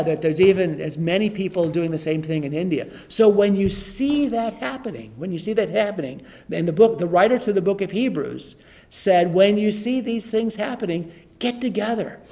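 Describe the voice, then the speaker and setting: His voice is high, gravelly and somewhat dark as this middle-aged pastor runs a relaxed Bible study. He reads passages aloud, talks through their meaning, and says things more than once.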